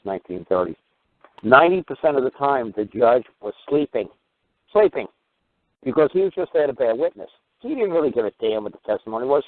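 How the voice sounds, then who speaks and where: Rambling low-voiced man on a phone line. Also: no echo. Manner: rambling, animated storytelling with acted-out quotes. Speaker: radio show host. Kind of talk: casual call-in radio talk. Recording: tinny phone-line audio.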